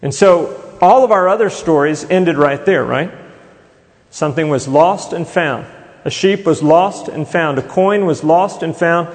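A man's voice: on the high side, unhurried. A male pastor preaching a sermon in a conversational way, often putting rhetorical questions to his congregation. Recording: long reverb in a large hall.

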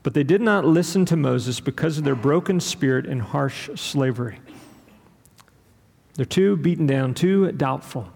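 A man preaching a sermon, rhythmic and building to loud, emphatic peaks. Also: a little high, lively intonation, measured pace, creaky, breathy edge. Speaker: pastor. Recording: long hall reverb.

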